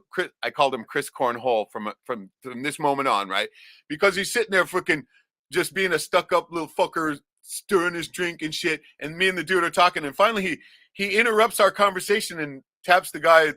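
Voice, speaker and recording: A man from Alaska holds court on his livestream, spinning crude, rambling stories and checking in with "right?" as he goes. His voice is bright and forceful and pitched a little above the usual male range. It comes through dry and close, with no room sound around it. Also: fairly quick, dry recording. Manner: profane rambling storyteller, says "right?" often. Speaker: livestream host. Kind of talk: casual storytelling chat.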